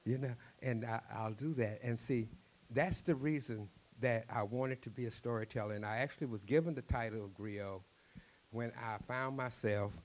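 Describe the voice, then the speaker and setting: A man with a Cajun accent, a storyteller talking in an interview, animated and quick, often repeating words. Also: medium pitch.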